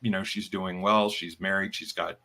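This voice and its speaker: Male podcast co-host, lowish bright voice, halting casual delivery. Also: little pitch movement. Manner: halting, many fillers and restarts. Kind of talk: casual chat.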